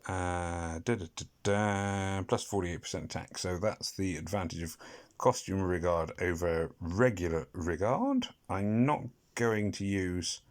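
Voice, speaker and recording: Man, very low voice, from Britain, casual game commentary, rambling, self-deprecating, hums to himself. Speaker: gaming commentator.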